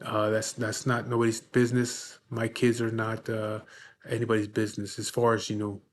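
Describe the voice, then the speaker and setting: A man's voice: lowish voice, completely flat delivery, moderate pace. A man in his forties in a casual vlog, answering viewers' questions bluntly and frankly, swearing often and often asking "you know what I mean". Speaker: vlogger.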